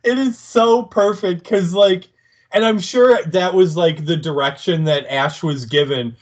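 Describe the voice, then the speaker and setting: Excitable man gushing over a scene. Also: high voice, unhurried. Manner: excitable, gushing, laughs along. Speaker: podcast co-host. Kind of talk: casual podcast chat.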